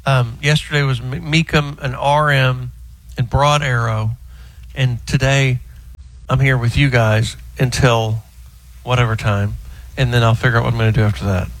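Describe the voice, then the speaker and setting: A middle-aged man, calling in from a house full of sleeping roommates and telling a car-auction story in an animated, joking drawl. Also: mid-range voice, normal speed, no room sound, low-quality recording. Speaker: car show regular calling in. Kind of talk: casual radio chat by phone.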